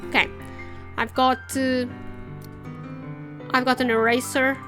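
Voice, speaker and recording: A woman's voice: sits high, little pitch movement, slow pace, music in the background. A woman playing a story game, rambling and joking at herself as she thinks aloud. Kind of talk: casual let's-play commentary.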